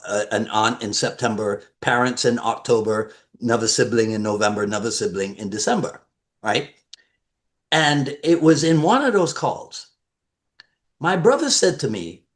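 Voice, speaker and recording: A man from the West Indies, a martial arts teacher and interview guest, telling a story in a lively way. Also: fairly low pitch, moderate pace. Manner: animated storyteller. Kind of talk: casual conversation.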